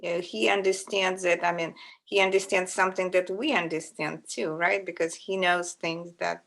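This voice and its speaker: Woman chiming in from the class, low-ish fry voice, halting, restarts a lot. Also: level tone, a bit bright. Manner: hesitant, restarts mid-sentence. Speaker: class participant. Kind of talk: question from the class.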